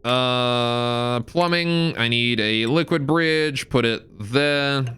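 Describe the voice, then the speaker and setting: A man live-streams a game in a medium-pitched, bright, forceful voice, drawing out his words, and the sound is clean. He curses and mutters while playing, breaking off between game instructions to chat with viewers.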